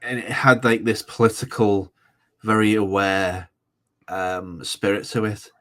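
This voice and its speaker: A man speaking as a podcast guest in casual chat, halting and wry. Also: on the low side, flat delivery, pushed and bright. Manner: hesitant, many fillers and restarts, wry.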